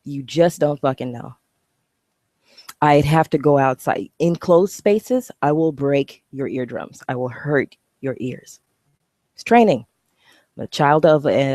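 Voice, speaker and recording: A woman with a low-pitched, slightly mellow voice vlogs to camera in a casual talking-head style, speaking bluntly and animatedly and swearing freely. The studio-quality recording has no echo.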